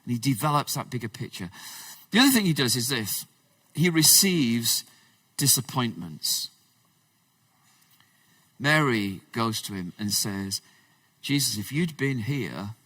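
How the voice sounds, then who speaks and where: A man preaching a conversational sermon, swinging between loud emphasis and hushed, low passages. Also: animated, a little slow, long pauses, breathy edge, no echo, far from the mic. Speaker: pastor. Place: church.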